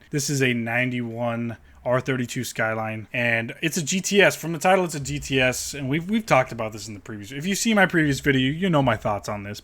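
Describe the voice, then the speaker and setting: Man, bright forceful voice, blunt profane rant, sarcastic car listing commentary. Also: mid-range voice. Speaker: car channel host.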